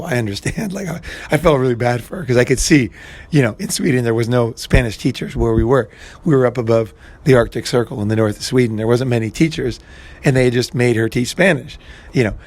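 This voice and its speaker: A man hosting a casual monologue, rambling with many restarts and fillers and some blunt swearing. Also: mid-range voice. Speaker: podcast host.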